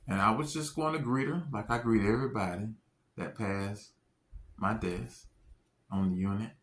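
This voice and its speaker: A man giving an earnest religious testimony, speaking deliberately and stressing key phrases. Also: lowish voice, a bit bright.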